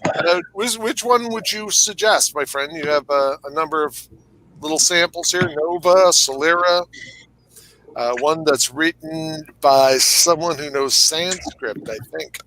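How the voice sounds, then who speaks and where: A man's voice: on the high side, a little slow, bright, forceful tone, poor audio. A man co-hosting a podcast over a video call, joking and rambling with lots of fillers. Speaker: podcast co-host. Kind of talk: casual chat.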